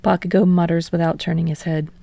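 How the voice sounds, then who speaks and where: A woman reads fan fiction aloud in a steady, measured way. Her voice is low with a gravelly fry. The recording is dry and close, with no room sound. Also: dry recording. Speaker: podfic reader.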